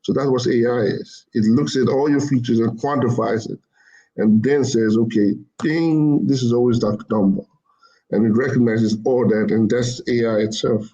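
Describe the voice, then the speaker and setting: A man's voice: mid-range voice, steady tone, normal speed, mellow, muffled recording. A man explaining machine learning in casual talk, rambling and repeating himself as he corrects his words. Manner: rambling, repeats phrases, self-corrects often.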